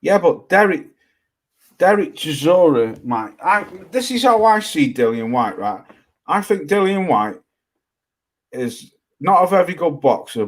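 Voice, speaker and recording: Man arguing boxing. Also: mid-range voice. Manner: talks over others, insists on finishing. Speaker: podcast co-host. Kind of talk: heated casual debate.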